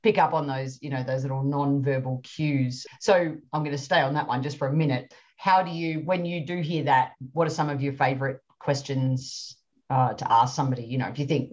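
Deep-voiced Australian woman, lo-fi. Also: steady tone, fairly quick, a little mellow. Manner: upbeat, encouraging, asks follow-up questions. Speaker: podcast host. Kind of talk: conversational interview hosting. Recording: dull lo-fi audio.

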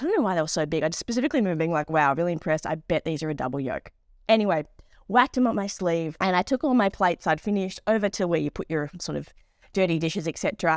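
A woman co-hosting a podcast, telling an embarrassing travel story in a lively, animated way and acting out the people in it. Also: fairly low pitch, no echo, clean studio sound. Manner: animated storyteller, acts out voices in anecdotes. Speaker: podcast co-host. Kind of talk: casual chat.

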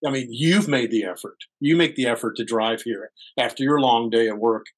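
A man co-hosts a casual podcast from a hall. He talks earnestly and rambles, laughing often. His voice sits at an ordinary pitch. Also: normal speed. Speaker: podcast co-host.

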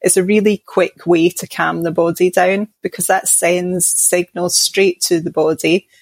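Glaswegian Scottish woman, mindfulness coach, calm and measured, lowish voice, dry close sound. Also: husky, no echo. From Scotland. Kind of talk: podcast interview.

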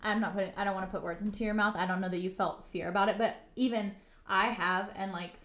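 A woman's voice: medium pitch, fairly even intonation, quick pace, fairly bright tone. A woman co-hosting a casual podcast at home in her kitchen, speaking in a reflective, earnest way with many filler words. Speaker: podcast co-host. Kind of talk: casual conversational podcast chat. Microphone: microphone on a table in front of her.

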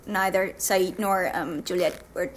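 A woman's voice: fairly low pitch, fairly even intonation, measured pace, slight background noise. A woman co-hosting a casual fan chat who laughs and teases as she talks. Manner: laughing, teasing. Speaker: podcast co-host.

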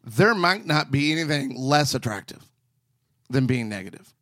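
A man's voice: mid-range voice, normal speed, no echo, clean studio sound. A man in his forties co-hosting a casual talk show, telling a personal story and acting out the people in it. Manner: animated storyteller acting out quoted voices. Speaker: podcast co-host and marriage counselor.

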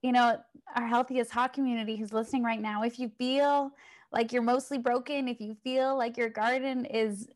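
A woman hosting a podcast interview, speaking slowly and reassuringly to her listeners. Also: on the high side, fairly even intonation. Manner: slow, reassuring words to the listeners. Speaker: podcast host.

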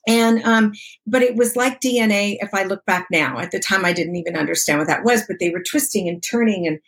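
This sixty-something woman tells her own story in an interview, speaking fairly quickly in a mid-range voice with a breathy edge. She acts out dialogue, laughs often, and keeps things expressive and conversational.

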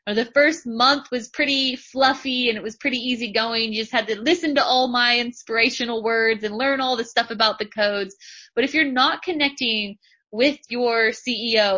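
Woman in her thirties, podcast host, higher voice, emphatic repeats, dull lo-fi recording. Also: pushed and bright. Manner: emphatic, repeats phrases for effect. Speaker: podcast host and business coach. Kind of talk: motivational spiritual talk.

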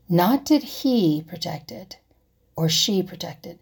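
Soft-spoken, husky woman musing aloud. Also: medium pitch, lively intonation, slow pace. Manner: asks herself rhetorical questions, drops to soft whispers. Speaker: vlogger. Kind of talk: reflective personal talk.

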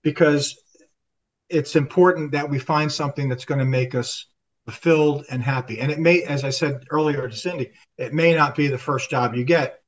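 Older man telling a lively story. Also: a little high, moderate pace, recorded from a distance, lo-fi sound. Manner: animated storyteller, acts out quoted dialogue, frequent restarts. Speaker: podcast guest, army veteran. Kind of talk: conversational storytelling.

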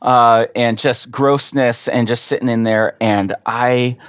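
A man telling an earnest, animated story as a podcast guest in casual conversation. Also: mid-range voice, takes it slowly, clear, resonant tone, no echo.

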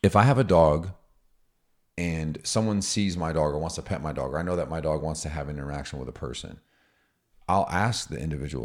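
A man co-hosting a casual podcast, explaining dog training in an energetic, chatty way. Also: very deep voice, fast talker. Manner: energetic, explanatory, acts out dialogue.

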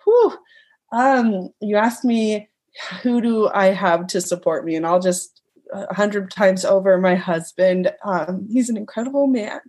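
A woman's voice: mid-range voice, a little slow, darkish tone. Heartfelt, hesitant young woman. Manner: heartfelt, emotional, hesitant with many ums. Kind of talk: casual conversation.

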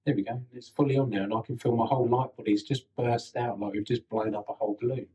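A man hosting a spiritual podcast, talking in a calm, measured way while he walks the listeners through a demonstration. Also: medium pitch, poor audio. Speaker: podcast host.

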